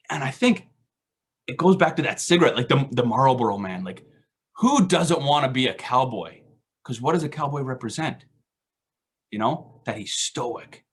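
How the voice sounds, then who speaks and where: A man's voice: medium pitch, breathy edge. A man giving a casual, self-deprecating faith reflection at an online recovery meeting, full of rhetorical questions.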